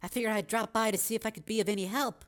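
Wry young woman in an audiobook, as a male narrator puts her on, high and soft. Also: fairly even intonation, racing.

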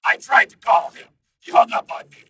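A male narrator voicing a computer intelligence that talks like a man on the phone, calm and a little smug. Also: sits high, normal speed, creaky, recorded from a distance, background noise, voice pushed up.

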